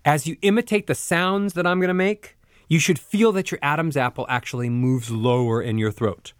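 A middle-aged man, a voice coach, explaining vocal exercises step by step in a clear, patient way. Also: fairly high pitch, moderate pace, no echo, studio quality. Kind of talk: spoken instruction with vocal exercises.

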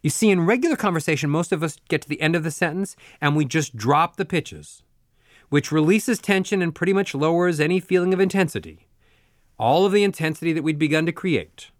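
A man's voice: a little high, brisk, no echo, studio quality. A man teaching voice exercises in an instructional recording, explaining and then demonstrating sung and mimicked examples. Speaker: voice coach. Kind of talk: instructional narration.

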